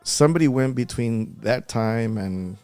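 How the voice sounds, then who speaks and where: A man's voice: mid-range voice, expressive, a little slow, a little mellow, clean tone, dry recording. A man as a podcast guest, talking earnestly and repeating himself as he recalls an upsetting event. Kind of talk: emotional podcast interview.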